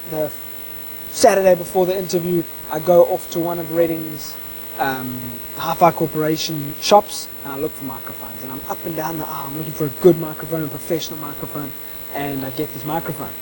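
Animated man telling a story. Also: a little high, brisk, noisy background. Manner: animated storyteller acting out the dialogue. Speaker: interviewer. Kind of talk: casual spoken anecdote.

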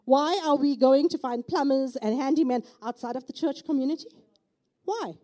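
A woman's voice: high-pitched, moderate pace, dark tone. A middle-aged woman with a South African accent gives an emphatic church testimony, often checking in with the audience by asking "okay?". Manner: emphatic, with repeated rhetorical "okay?" asides. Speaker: church speaker giving testimony. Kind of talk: preaching testimony.

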